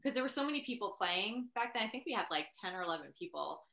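A woman judging a comedy spelling bee, giggling and telling stories in a casual, animated way. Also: medium pitch, fast, creaky, echoey room.

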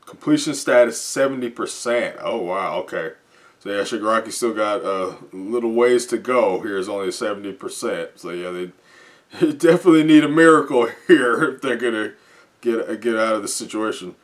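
A man reading a comic live and reacting as he goes, often chuckling and halting with fillers. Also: lowish voice. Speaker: comic reviewer.

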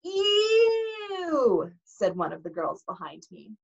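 A teacher reading a novel aloud to a class in an expressive, animated way. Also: female voice, on the low side, normal speed. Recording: dull lo-fi recording.

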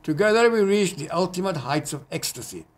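A man, a poet, reading his own poems in an earnest, measured way, with hesitant spoken asides between them. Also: high-pitched, lively intonation. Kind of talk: poetry reading. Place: community TV studio.

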